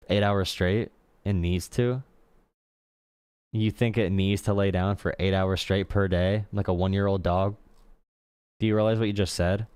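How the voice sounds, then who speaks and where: A man talks casually to his live-stream audience, blunt and mocking, often repeating his points. His voice is low and smooth, and the recording is dry, with no room sound. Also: darkish tone, no room sound. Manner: blunt, sarcastic, repeats himself. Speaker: streamer host.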